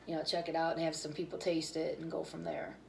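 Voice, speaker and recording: A woman's voice: low-pitched, monotone, fast, vocal fry, a little mellow, a little hiss or hum, poor audio. A woman hosting her own cooking channel, chatting casually and candidly with viewers while tired and yawning. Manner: rambling, candid, talks about fitness and feelings.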